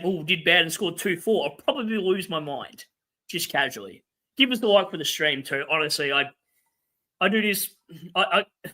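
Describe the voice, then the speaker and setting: Ranting, foul-mouthed Australian livestream host. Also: male voice, fairly high pitch, pushed and bright. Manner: ranting, profane, quick asides to chat. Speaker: fantasy football livestream host. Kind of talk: casual livestream chat. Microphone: webcam setup.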